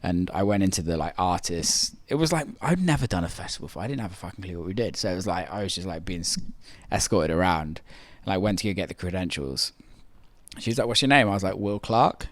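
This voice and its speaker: A young man in casual podcast chat, animated and swearing freely. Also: low-pitched, fast, no echo. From England. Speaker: podcast guest and DJ.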